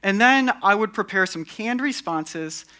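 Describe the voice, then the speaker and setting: A man's voice: high-pitched, lively intonation, unhurried, bright, forceful tone, clean tone. A young man giving a candid conference talk on stage, with wry, sarcastic asides. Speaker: conference speaker.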